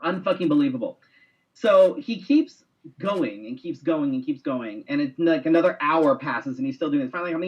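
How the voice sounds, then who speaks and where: A man co-hosting a casual online talk show, telling a story with lots of swearing and animated quoting. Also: a little high, moderate pace, highs cut off. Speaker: co-host.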